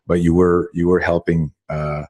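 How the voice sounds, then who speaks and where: A man's voice: deep voice, little pitch movement, moderate pace, darkish tone, no echo. A middle-aged man in casual conversation as a podcast host, rambling through stories with lots of fillers and swearing.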